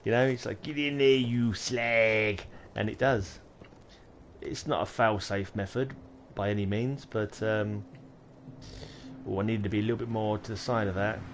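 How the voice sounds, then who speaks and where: A man's voice: fairly low pitch, steady tone, normal speed, slight background noise. A man, chatting casually on a game livestream and muttering to himself while he builds. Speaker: game streamer.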